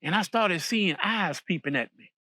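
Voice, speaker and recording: Bright-voiced male folk storyteller. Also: high-pitched, animated, normal speed, dry recording, studio quality. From Virginia, USA. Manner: folksy, repeats words, many restarts.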